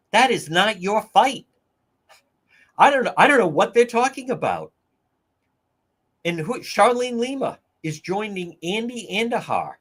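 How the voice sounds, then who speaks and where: A man's voice: high-pitched, a bit bright, slightly rough. A man hosting a livestream talk show, ranting incredulously through opinionated news commentary and addressing viewers as folks.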